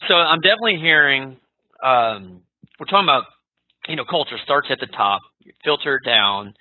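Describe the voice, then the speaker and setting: A man hosting a casual interview, relaxed and affirming. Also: fairly low pitch. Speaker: host. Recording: tinny phone-line sound.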